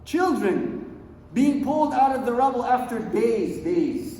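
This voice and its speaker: A man preaching a sermon, swinging between hushed low lines and loud emphatic ones, and reciting verses quickly in a chanting tone. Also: expressive. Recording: echoey hall, voice far from mic.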